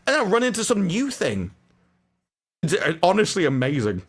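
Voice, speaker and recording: A man telling an exasperated, ranting story in casual chat and mimicking officials in a lowered voice. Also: huge pitch swings, normal speed. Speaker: panelist on a film talk show.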